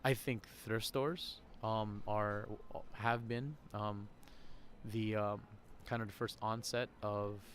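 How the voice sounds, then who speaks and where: This podcast host's voice sits on the low side, slow and steady in tone, with a little hiss or hum on the recording. He's rambling casually in a vlog monologue at an outdoor shopping center, laughing frequently over faint crowd ambience.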